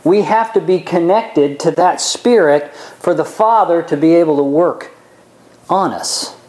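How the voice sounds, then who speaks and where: A man preaching a sermon, reading scripture aloud and explaining it, slowing down and stretching key words. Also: fairly high pitch, a little mellow, rough recording.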